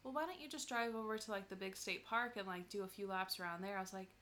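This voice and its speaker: A woman's voice: medium pitch, fast talker, sharp tone, a little hiss or hum. A woman in casual chat, listening with many "yeah"s and telling short stories of her own. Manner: supportive listener, frequent "yeah".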